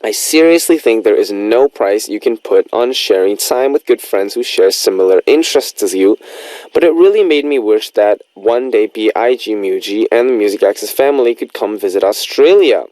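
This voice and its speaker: A man's voice: fairly low pitch, lively intonation, moderate pace, mellow, no echo. A man hosting a radio music show, reading listener messages aloud in a playful, teasing, chatty way. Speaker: radio DJ host.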